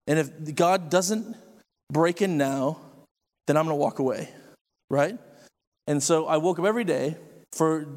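A man preaching an earnest personal testimony, intense and building to excited outbursts. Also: on the high side. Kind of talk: sermon testimony. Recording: long reverb of a large hall.

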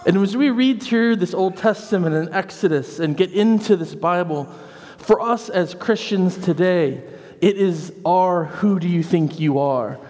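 Man, preacher, lively chatty sermon, higher voice, long church reverb. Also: moderate pace. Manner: lively, conversational, acts out quoted voices.

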